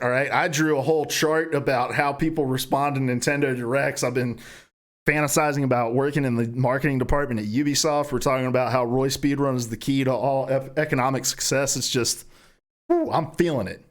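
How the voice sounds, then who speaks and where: A man's voice: medium pitch, brisk. A young adult man hosting a gaming news rundown, talking casually and profanely and acting out imagined conversations as he reads the news. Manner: profane, animated storytelling, acting out imagined dialogue. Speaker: host of a gaming news show.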